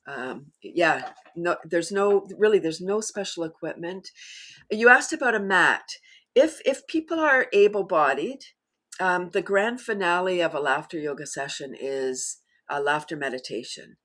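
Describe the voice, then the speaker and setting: A woman guest in a casual interview, talking enthusiastically and laughing often as she explains. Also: measured pace. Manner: animated storyteller, bursts higher and louder when excited. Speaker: guest, laughter yoga teacher.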